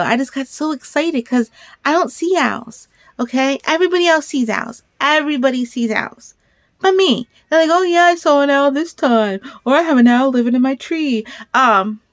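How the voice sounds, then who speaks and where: A woman in her thirties chatting casually in a crafting vlog, rambling and excitable, with bursts of animated storytelling. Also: on the high side, no echo. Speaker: crafter vlogger.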